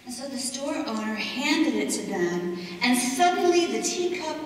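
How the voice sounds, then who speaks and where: Woman, stage storyteller, measured and expressive, fairly high voice; distant recording in a reverberant church hall. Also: a little hiss or hum. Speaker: monologue performer. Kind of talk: dramatic monologue storytelling. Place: church hall, live audience. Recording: echoey hall from far off.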